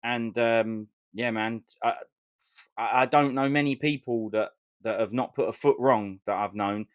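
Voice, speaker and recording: A man from London hosting a casual podcast chat, talking in an emphatic, repetitive, animated way. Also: mid-range voice, measured pace, clean tone, dry recording, studio quality. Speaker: podcast host.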